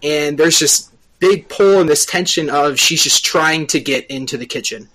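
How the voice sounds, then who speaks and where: A man with a bright, forward tone and a voice pitched slightly above the usual male range. He talks through the story in relaxed podcast chat, and he stops often on small filler sounds as he explains. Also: moderate pace, low-quality recording. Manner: explains at length with frequent uh fillers. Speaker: podcast co-host. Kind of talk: casual chat recapping a TV episode.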